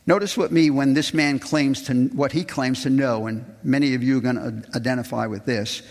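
A man delivers a sermon to his congregation, reading passages aloud and lifting his voice to play the people in them. He speaks at a middling pitch and keeps turning back to his listeners as "folks". A long reverb trails each phrase, as in a large church hall. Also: fairly even intonation, moderate pace. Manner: reads scripture aloud, voicing the quoted people with raised pitch. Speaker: pastor.

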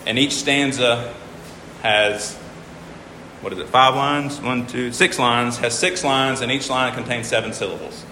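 A man's voice: mid-range voice, fairly even intonation, a little slow, sharp tone. Male teacher, informal lecture, patient and repetitive, roomy hall with faint hum. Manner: patient, stops to count syllables aloud and repeats himself. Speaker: teacher explaining hymn meters.

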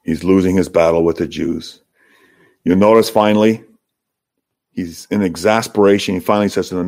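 A man's voice: sits low, steady tone, a little fast, darkish tone. A man preaching an expository sermon to his congregation, building to emphatic peaks. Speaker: pastor.

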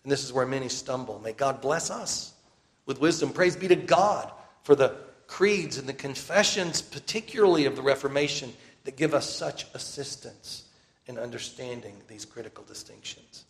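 Gravelly-voiced male preacher. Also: medium pitch. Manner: earnest, emphatic repetition, slows down for key phrases. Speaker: pastor. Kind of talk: sermon.

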